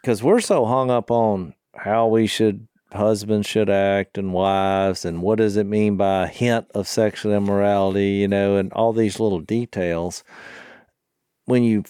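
A man's voice: lowish voice, steady tone, measured pace, dark tone, clear, resonant tone, no room sound, clean studio sound. A man co-hosting a podcast, sharing thoughts on scripture in a conversational, thoughtful way. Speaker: podcast co-host. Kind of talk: casual Bible discussion.

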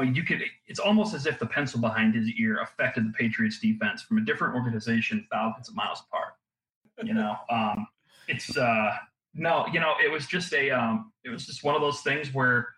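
A man talking as a guest analyst on a casual sports podcast, wry and quick to laugh. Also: medium pitch, pushed and bright, echoey room, rough recording.

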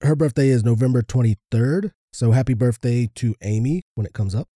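A man co-hosting a podcast, reading birthday shout-outs in a plain, understated way. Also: mid-range voice, a little fast, no room sound, clean studio sound. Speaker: podcast co-host.

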